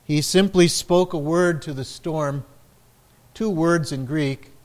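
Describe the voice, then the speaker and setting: A male pastor delivering a sermon at a deliberate, unhurried pace. His voice sits a little higher than most men's, and he lifts it for the dramatic quoted lines. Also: a little mellow. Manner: slow, measured preaching with dramatic quoted lines.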